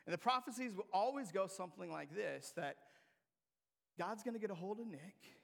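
A young adult man preaching a sermon, reading scripture and teaching from it, swinging from hushed lines to loud emphatic climbs. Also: high-pitched, lively intonation, moderate pace, creaky. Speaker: pastor.

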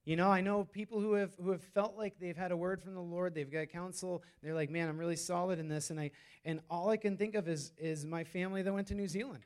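Casual-talking pastor preaching. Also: male voice, high-pitched, fairly even intonation, a little fast. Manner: conversational, many fillers and restarts. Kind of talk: sermon.

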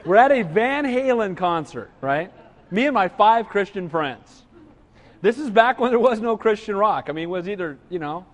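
A man's voice: sits high, lively intonation, moderate pace, in a large hall. A middle-aged man preaching a sermon, joking and telling stories, often asking listeners "right?". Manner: storytelling with humor, asks listeners "right?". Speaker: pastor.

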